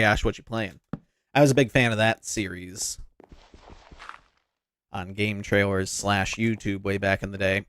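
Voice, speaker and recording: A man's voice: mid-range voice, dry recording. Nasal male streamer with a slight lisp. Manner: rambling, chatty, talks to viewers. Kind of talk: casual live-stream chat while gaming. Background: faint background music.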